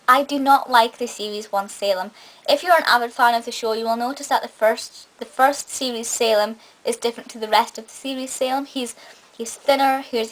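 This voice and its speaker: On a poor recording, a young woman whose voice is a bit high gives a lively, gabby review of a TV episode. As a film and TV reviewer, she tends to restart what she's saying.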